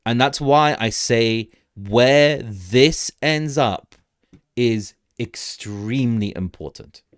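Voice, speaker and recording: A man's voice: medium pitch, slow, no echo, clean studio sound. A young man hosting a casual crypto livestream, rambling through charts, greeting viewers in the chat and laughing often.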